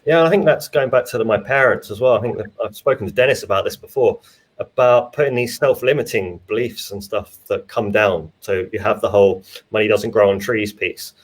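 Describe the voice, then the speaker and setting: A man's voice: on the low side, brisk. A man, a finance expert and father, chatting in an easygoing way about money. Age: adult with children. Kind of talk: casual video chat.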